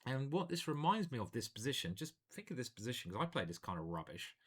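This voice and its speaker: A man commentating his own online chess games live, thinking aloud in a playful, animated way. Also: medium pitch, quick pace, husky.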